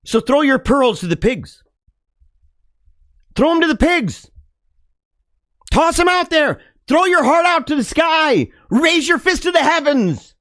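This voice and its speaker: A man delivering an impassioned monologue to his listeners, preachy and dramatic, laughing often and swinging from loud to hushed. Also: very high voice, sing-song, unhurried, pauses often, dry recording, studio quality. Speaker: podcast host.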